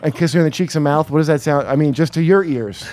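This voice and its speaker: Brief: male comedy podcast host, playful and interrupting, voice a bit high. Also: quick pace, a little mellow. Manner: playful, interrupting, mock-dramatic readings. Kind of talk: comedy podcast chat, reading quotes aloud.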